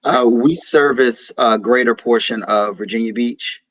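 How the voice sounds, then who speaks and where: Slow, patient male reading teacher. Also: medium pitch, fairly bright tone, low-quality recording. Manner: patient, sounds out letters slowly. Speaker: literacy teacher. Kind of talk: online reading lesson for children.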